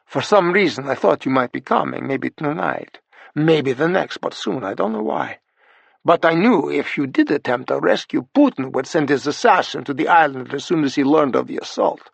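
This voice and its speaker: Here is a calm, matter-of-fact ally, as a male narrator voices him. He explains in a plain, even manner with a husky, gravelly voice, close and dry. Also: on the high side, moderate pace, no echo, heavily acted. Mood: steady.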